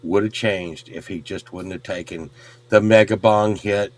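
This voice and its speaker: A middle-aged man telling a rowdy story in casual chat, swearing and loudly acting out the people in it. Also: low voice, measured pace. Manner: animated, swearing, acts out quotes loudly. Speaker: podcast host.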